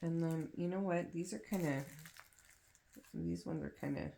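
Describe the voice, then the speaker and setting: Low-voiced chatty mom rambling while crafting. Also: female voice, a little slow, vocal fry, dark tone, slight background noise, rough recording. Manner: rambling, self-deprecating, many fillers. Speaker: crafting vlogger. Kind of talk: casual chat while crafting. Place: home, kids in another room.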